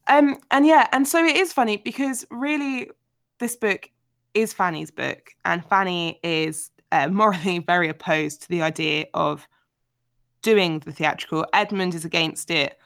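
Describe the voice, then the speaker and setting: A woman hosting a casual book discussion, talking in an animated, chatty way with frequent filler words. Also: on the low side, normal speed, gravelly, no echo, clean studio sound. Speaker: podcast host.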